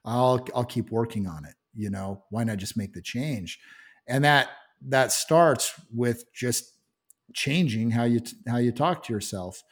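Earnest male guest, halting speech. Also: mid-range voice. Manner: earnest, many restarts and "you know". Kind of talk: casual interview chat.

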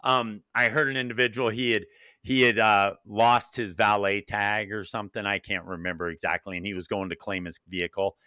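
A man hosts a relaxed conversation with a bright, forward voice. He tells stories with enthusiasm and slips into quoted voices. The sound is dry and close to the mic. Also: lowish voice, a little fast, clear, resonant tone, no echo. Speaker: podcast host. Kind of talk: casual interview chat.

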